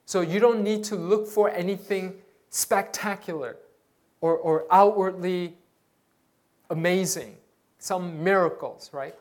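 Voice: mid-range voice, slow pace. A pastor preaching a sermon, earnest and exhorting, often repeating words while searching for the next phrase.

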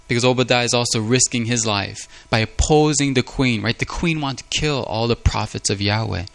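A man's voice: medium pitch, vocal fry, a bit bright. A man preaching a sermon in an earnest, confessional way, often repeating words as he speaks. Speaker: pastor.

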